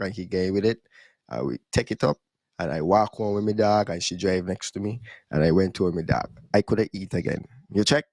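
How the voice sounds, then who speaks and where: A young man spins a casual podcast story in relaxed, creole-tinged English. His voice sits low with a gravelly edge. The sound is close and dry. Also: fairly quick, no echo.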